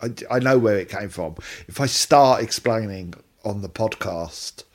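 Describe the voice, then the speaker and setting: A man's voice: on the low side, measured pace. A man co-hosting a casual podcast, chatting in a rambling way with fillers and restarts. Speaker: podcast co-host.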